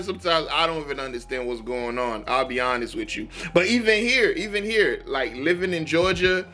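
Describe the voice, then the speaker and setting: A man's voice: a little high, a bit bright. A man with a Rhode Island accent hosting a reaction video, chatting casually and repeating himself with frequent laughs.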